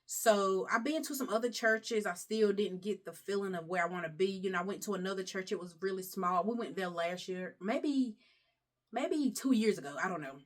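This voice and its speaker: A woman's voice: mid-range voice, moderate pace. A young woman vlogger chatting casually, talkative and emotional, rambling as she talks. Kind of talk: casual chat.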